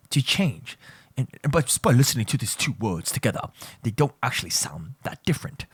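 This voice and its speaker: A man with a husky, fairly low voice teaches a language lesson in a playful, teasing way. His delivery is lively and swings up and down, and he often repeats himself or corrects his own words mid-sentence. The sound is dry and close. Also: no echo. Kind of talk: joking casual lesson.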